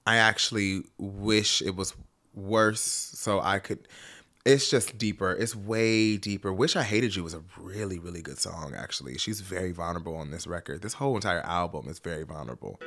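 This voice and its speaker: A man's voice: low voice, normal speed. A young man talking casually and emotionally through an album reaction, with faint music playing behind him. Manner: chatty and emotional, swings from reflective to excited squeals.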